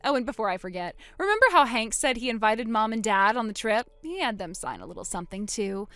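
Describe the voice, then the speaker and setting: A woman voicing a calm, vengeful young woman who coldly springs a trap on her sister in a text-story drama. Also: a little high, fast, no echo, soft background music. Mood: cold triumph. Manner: cool, quiet, coldly sarcastic.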